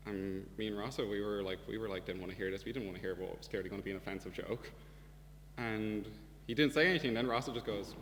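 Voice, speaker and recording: A man's voice: on the low side, a little fast. Wry young Irish man in a hall. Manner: wry, profane, deadpan storytelling. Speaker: student debate speaker. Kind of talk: comic storytelling speech. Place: debating chamber. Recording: reverberant hall with faint hum.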